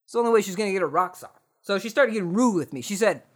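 A young man hosting a podcast, telling comic stories and ranting sarcastically, swearing freely and jumping from mutters to loud outbursts. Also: high-pitched, animated, racing. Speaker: podcast host. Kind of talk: comedic storytelling rant.

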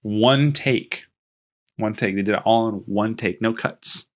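A fairly low-pitched man speaks a little slowly as he casually goes over a movie on a podcast. He rambles and jokes, restarts often, and acts out characters' lines in playful quoted voices.

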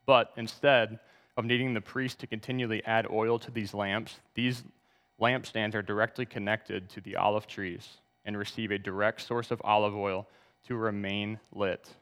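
A man's voice: on the low side, level tone, normal speed, fairly bright tone, long reverb tail. A man preaching a sermon, reading scripture aloud and asking the congregation to turn to verses. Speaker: pastor.

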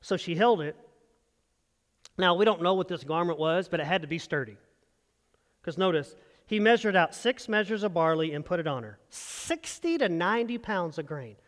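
A man with a high voice preaches an animated sermon and draws call-and-response from his congregation. He is recorded in a church sanctuary, and a long hall reverb trails every phrase. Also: normal speed. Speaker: pastor.

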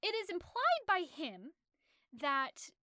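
A woman talking casually about a book she has read, retelling its story in an animated way with many fillers and restarts. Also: extremely high pitch, takes it slowly, no room sound, studio quality. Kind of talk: casual literary discussion.

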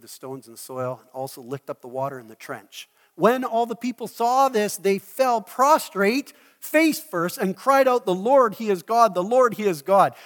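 Male pastor preaching, acts out the story, kinda high voice, big echoey church sound. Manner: animated storytelling, acting out the scenes he tells. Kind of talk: sermon. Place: church hall.

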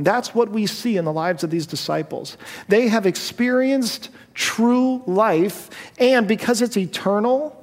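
A man's voice: sits high, darkish tone. A man preaching a sermon to a congregation, with an impassioned delivery that rises to emphatic peaks. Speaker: pastor. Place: church sanctuary with congregation. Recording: long church hall reverb.

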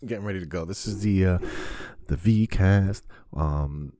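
A man hosting a podcast, talking in a casual, crude, comedic monologue that rambles, swears a lot and breaks into sudden loud bursts. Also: low-pitched, normal speed, a little hiss or hum. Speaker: podcast host.

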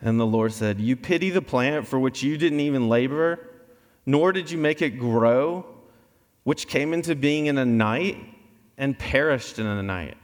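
A man preaching a sermon, explaining scripture in a conversational, animated way. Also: medium pitch, unhurried. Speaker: pastor. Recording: long reverb of a large hall.

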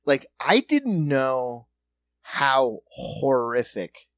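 A man's voice: mid-range voice, big pitch swings, drawn-out words, no echo. Profane, joking male podcast co-host. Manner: profane, joking, bursts into loud acted-out quotes. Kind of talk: casual chat.

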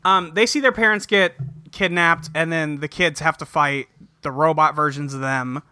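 Bright-voiced man recapping a movie, casual. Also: fairly high pitch, moderate pace, clean tone, dry recording, clean studio sound. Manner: rambling, swears casually, laughs at jokes. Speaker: podcast co-host recapping a movie. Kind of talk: casual chat.

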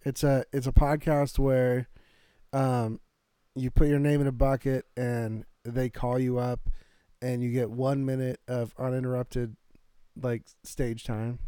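A man co-hosting a podcast, chatting casually in a laid-back way, laughing often and clearing his throat. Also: medium pitch, level tone, a little slow, mellow, no room sound. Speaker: podcast co-host. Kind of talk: casual chat.

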